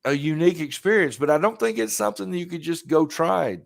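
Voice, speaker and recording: A man's voice: on the high side, animated, quick pace, vocal fry, no room sound, studio quality. A man in his fifties with a Southern US accent, hosting a podcast in a rambling, laid-back way and chuckling often. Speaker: podcast host. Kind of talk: casual chat.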